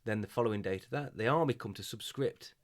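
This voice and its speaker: Hesitant low-voiced podcast host. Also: male voice, fast talker. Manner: hesitant, self-deprecating, reflective. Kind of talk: casual podcast chat.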